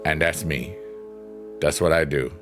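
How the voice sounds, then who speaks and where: Rumbling low and unhurried, a livestream host chats in a rambling, jokey way and reads messages from his chat aloud, accompanied by background piano.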